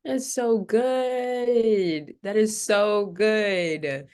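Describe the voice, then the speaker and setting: A woman hosting a casual podcast, chatty and affirming. Her voice is mid-range for a woman, and her questions come out long and animated. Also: medium pitch, extremely slow, clear, resonant tone. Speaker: podcast host.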